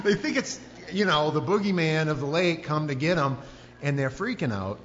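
A man preaching a sermon, telling the story with lively acted-out voices and screams. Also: a little high, normal speed. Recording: dull lo-fi sound with long hall reverb and faint hum.

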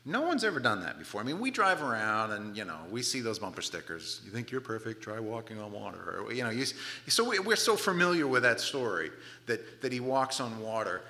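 Male pastor, animated sermon storytelling, bright, hall reverb. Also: medium pitch, brisk. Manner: animated storytelling, acts out the scene, casual asides.

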